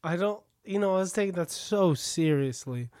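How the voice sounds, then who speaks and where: A woman in casual podcast chat, teasing and quick to laugh. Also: on the low side, animated, warm tone, dry recording, clean studio sound.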